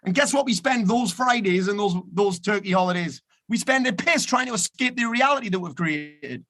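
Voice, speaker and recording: A motivational speaker with a high, expressive, fairly bright voice delivers a blunt, emphatic talk at normal speed. He swears freely as he pushes listeners to take action.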